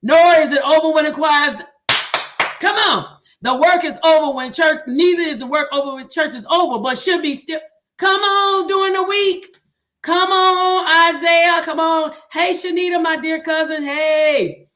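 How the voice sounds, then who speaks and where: Southern lady preaching on a livestream, high voice, keeps saying come on. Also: fairly even intonation, a little slow, a bit bright. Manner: exhorting, repeats "come on", reads viewer comments aloud. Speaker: host. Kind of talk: livestream talk to choir directors, preaching tone.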